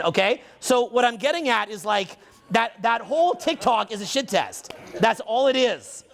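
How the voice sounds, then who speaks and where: A social skills coach speaks in a high-pitched, expressive voice that's creaky and a bit bright. His off-the-cuff rant is heated and laced with swearing, delivered quickly and building speed as he gets going.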